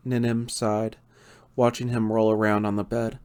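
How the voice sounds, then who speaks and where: A man's voice: lowish voice, little pitch movement, normal speed, darkish tone, clear, resonant tone. Man narrating an audiobook. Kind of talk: scripted narration with character voices.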